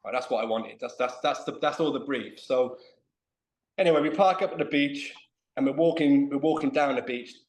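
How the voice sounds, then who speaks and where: Male guest, animated storyteller, middle pitch, echoey room sound. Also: normal speed. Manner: animated, self-mocking storyteller. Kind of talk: casual storytelling chat. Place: remote video call.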